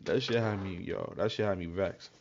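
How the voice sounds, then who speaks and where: A man's voice: low-pitched, normal speed, lo-fi sound, heavy background noise. A man from Brooklyn with a New York accent, a streamer telling a story to his chat in a casual, profane, streetwise way. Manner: profane and streetwise, gets loud and animated retelling events. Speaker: livestream host.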